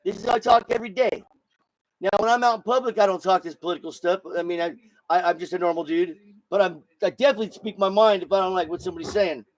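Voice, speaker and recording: High-voiced man on a profane rant. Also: fast talker, no echo. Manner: profane, blunt, repeats words when heated. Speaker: show host. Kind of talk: solo political rant.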